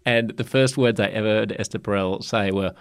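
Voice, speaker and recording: A man's voice: lowish voice, fairly even intonation, a little fast, no room sound, studio quality. A man hosting an interview, chatting casually with frequent laughs and fillers. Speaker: podcast interviewer.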